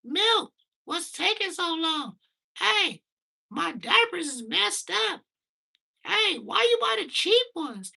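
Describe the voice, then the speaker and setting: A bossy newborn baby boy, super high and bouncy. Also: sing-song, slow pace, gravelly, bright, forceful tone, exaggerated voice. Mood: demanding. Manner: bossy, entitled complaining. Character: demanding two-month-old baby boy.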